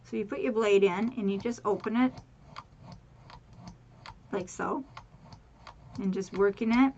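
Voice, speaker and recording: A woman's voice: mid-range voice, measured pace, darkish tone, dull audio, a little hiss or hum. Chatty woman demonstrating a craft task. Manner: chatty, repeats words, addresses viewers as guys. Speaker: craft tutorial host. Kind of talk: casual how-to demonstration.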